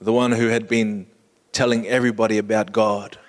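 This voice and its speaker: A man preaching a sermon, painting a vivid scene slowly and inviting listeners to imagine it. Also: on the low side, little pitch movement, in a large hall. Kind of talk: storytelling sermon.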